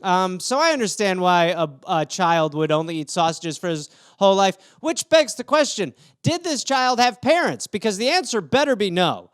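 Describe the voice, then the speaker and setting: A man with a high, smooth voice riffs through a solo comedy podcast. He talks profanely and rambles from one absurd scenario to the next. The sound is close and dry, with no room echo. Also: very animated, moderate pace, hardly any pauses, fairly bright tone. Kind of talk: solo comedic riffing on news stories. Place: home room.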